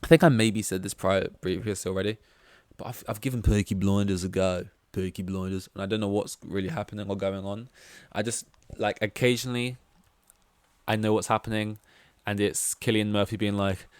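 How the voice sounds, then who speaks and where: A man's voice: lowish voice, fairly even intonation, brisk, a little mellow, smooth, no room sound, clean studio sound. A young man hosting a casual solo podcast, rambling and chatty, with self-deprecating asides and lots of fillers. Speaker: podcast host.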